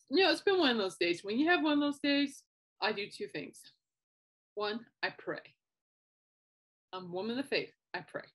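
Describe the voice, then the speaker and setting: A woman's voice: medium pitch, a bit bright. A young woman hosting her own podcast, chatting in a rambling way and breaking into giggles. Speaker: podcast host. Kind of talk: casual solo podcast chat.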